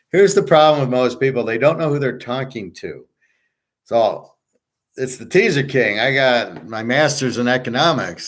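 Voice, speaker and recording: A middle-aged man ranting casually as a sports-picks host, blunt, boastful and profane, rambling from one point to the next. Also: on the low side. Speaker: sports betting tipster and host.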